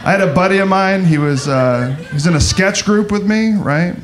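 A man performing a stand-up comedy set, animated and exaggerated, jumping in and out of mock voices. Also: high voice, normal speed, some chatter behind, a little hiss or hum. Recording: live club with audience laughter.

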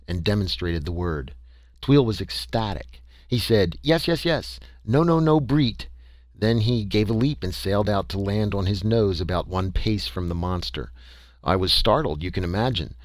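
A man reads a story aloud in a measured, first-person storytelling manner. His voice sits on the low side. It is captured on a close mic with a dry, dead sound. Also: dry recording. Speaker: audiobook narrator. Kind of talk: scripted audiobook narration.

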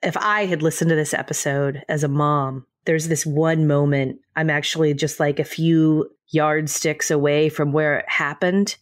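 A woman with a notably low voice co-hosts a parenting podcast. She tells candid personal stories as a mother, in a relaxed conversational manner. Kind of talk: casual podcast chat.

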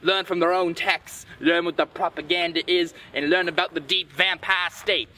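A man hosting a comedic dramatic reading, adding deadpan, mock-serious conspiracy asides. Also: high-pitched, moderate pace, distant mic, poor audio. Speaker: host.

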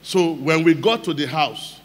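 A man with a Nigerian accent preaching a personal testimony to a congregation, telling the story and breaking into shouted emphasis. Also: fairly high pitch, lively intonation, measured pace. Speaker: pastor. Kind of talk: sermon testimony. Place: large church hall. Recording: echoey church hall with faint noise.

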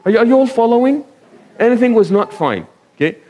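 A man's voice: very high voice, big pitch swings, quick pace, a little mellow. A man giving a conversational sermon to a live audience, asking them questions, telling anecdotes and sprinkling in Arabic phrases. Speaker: imam giving a talk.

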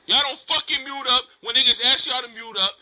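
A man ranting and shouting profanely in a heated audio chat room argument. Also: very high-pitched, brisk.

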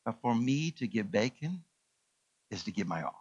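A man voicing a solemn male farm pig in a parable, speaking gravely and in a hushed tone. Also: fairly low pitch, sing-song, moderate pace, lo-fi sound, voice pushed down.

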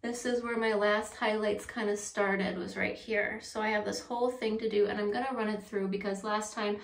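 A beauty vlogger chats her way through a home how-to video, poking fun at herself and laughing at her own expense. Her mid-range voice is steady, at a normal speed, with vocal fry, and the distant mic picks up a roomy echo.

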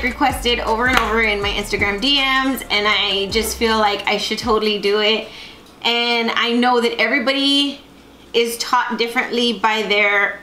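A woman's voice: a little high, sharp tone. Chatty young woman in an echoey room. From Texas. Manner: talkative, rambling with many fillers. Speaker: vlogger. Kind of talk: casual chatty vlog. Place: room at home. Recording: echoey room, faint music behind.

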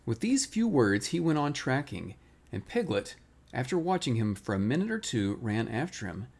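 A man reads a children's storybook aloud as a relaxing bedtime story. His voice sits in an easy middle register. He reads gently, with a lively, expressive lilt. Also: mid-range voice, moderate pace, gravelly. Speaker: storybook reader.

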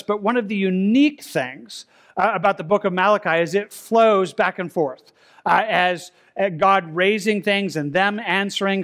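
A pastor with a fairly high, bright voice delivers an expository sermon in a church sanctuary, talking conversationally and keeping it plain and easy to follow. He often stumbles and repeats words, and slows down to read scripture.

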